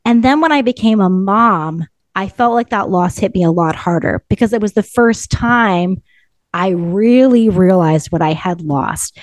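A woman's voice: medium pitch, unhurried, dry recording. Earnest woman in her thirties, dry close sound. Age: 30s. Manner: earnest, emotional, reflective, many "like" fillers. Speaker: podcast co-host. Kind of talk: personal interview storytelling.

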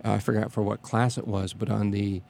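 A man reminiscing in a casual interview, speaking haltingly with many restarts and fillers and a reverent tone. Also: lowish voice, level tone, creaky, a little mellow.

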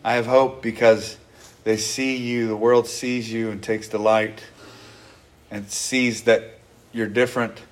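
A man's voice: mid-range voice, flat delivery, takes it slowly. A man preaching a sermon to his congregation, earnest and conversational, often acting out what people say. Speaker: pastor.

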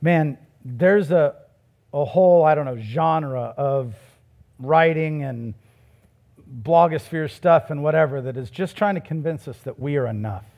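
A man's voice: fairly high pitch, a little slow, vocal fry, dull audio. A man who is a pastor, preaching a sermon in a conversational way that builds to emphatic, raised passages.

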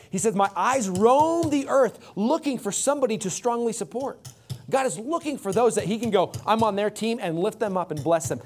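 High-voiced man preaching a sermon. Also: a little mellow. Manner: conversational preaching, acts out quotes. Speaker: pastor.

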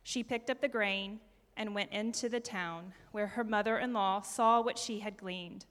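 A woman reads scripture aloud at a calm, measured pace, her voice in a middle register. The long reverb of a large hall follows each line. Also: mid-range voice. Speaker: scripture reader.

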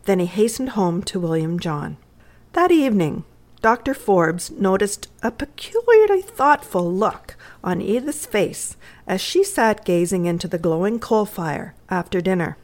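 A woman's voice: mid-range voice, sing-song, unhurried, hardly any pauses, a little mellow. Woman reading a story aloud. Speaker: narrator. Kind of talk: readers' theatre story reading.

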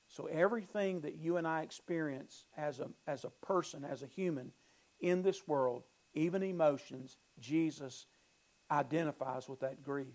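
A man's voice: on the high side, a little mellow, low-quality recording. A male pastor preaching a sermon, emphatic, repeating phrases and building emphasis.

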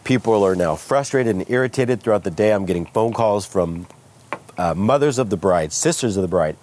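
A man from California, a guest entrepreneur, candidly telling his story with animated retellings of what people said. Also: medium pitch, moderate pace, a little hiss or hum. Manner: animated, acts out quoted voices. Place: outdoors by a smoky fire.

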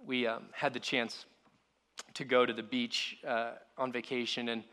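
A man, a pastor, preaching a sermon in an earnest way, repeating his words and dropping to a hushed voice on key lines. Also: mid-range voice, little pitch movement, a little slow.

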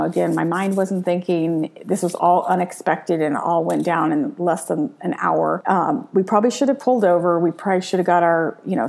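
A woman's voice: on the low side, creaky, darkish tone. A middle-aged woman telling a personal story in an earnest, reflective monologue, often restarting her sentences. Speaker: storyteller recounting a personal experience.

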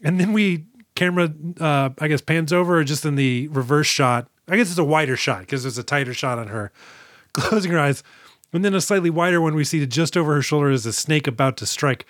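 A rambling man with a somewhat high voice, co-hosting a casual movie podcast. He retells scenes loosely and curses freely. The sound is close and dry, with no room around it. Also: a bit bright, dry recording. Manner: rambling, profane, retells scenes with quick put-on quotes. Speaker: podcast co-host. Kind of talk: casual movie recap chat.

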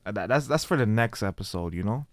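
A young man co-hosting a casual podcast chat, loud and laughing, full of slang. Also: on the low side, animated, quick pace, dry recording. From Canada. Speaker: podcast co-host.

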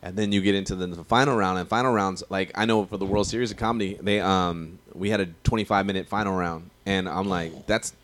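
Give me a man, a stand-up comedian chatting on a podcast. His voice sits very low and deep. He talks in slang, swears freely and rambles from one story to the next. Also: steady tone, fast, hardly any pauses, fairly bright tone. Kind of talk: casual podcast chat.

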